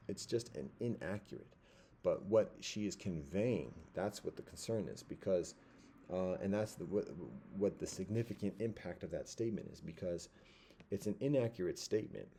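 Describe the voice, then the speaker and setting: Low, dark-voiced man rambling. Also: a little hiss or hum. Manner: rambling, halting, many fillers and restarts. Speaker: commentator. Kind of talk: casual commentary monologue.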